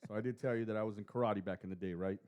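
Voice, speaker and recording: A man's voice: lowish voice, steady tone, highs cut off. Hype-style male podcast co-host. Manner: hype-man delivery, drawn-out introductions. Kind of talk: casual chat. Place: studio.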